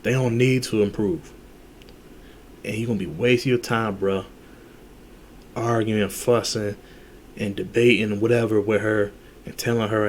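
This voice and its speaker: A man's voice: lowish voice, fairly even intonation, measured pace, pauses often, slight background noise. A man giving dating advice in a casual, blunt monologue, full of slang, cursing and restarts. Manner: blunt, heavy slang and cursing, repeats himself.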